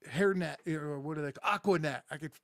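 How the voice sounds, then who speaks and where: A middle-aged man rambles through a crude, sarcastic podcast monologue. His voice sits a bit high for a man and sounds close and dry, with little room sound. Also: brisk, vocal fry, a bit bright, no echo. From rural United States. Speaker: podcast host. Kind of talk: casual monologue.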